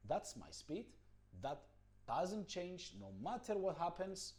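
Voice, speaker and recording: A man's voice: a little high, big pitch swings, a little slow, a little mellow. A man teaching a rhythm lesson, explaining patiently and chanting counting syllables. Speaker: music teacher.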